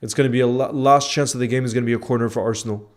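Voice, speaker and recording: A man's voice: medium pitch, steady tone, rapid-fire. A man live-reacting to a football match for his viewers, emotional and outspoken, often saying "bro" as he swings between outrage and glum reflection. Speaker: football fan streamer. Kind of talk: live match watchalong commentary.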